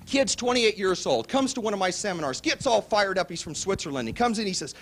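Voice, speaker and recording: Male seminar pitchman, high voice that swoops all over, acts out every exchange in his stories. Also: fairly quick, few pauses. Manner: animated storytelling, acts out both sides of dialogue. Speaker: seminar speaker. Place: seminar hall before a live audience.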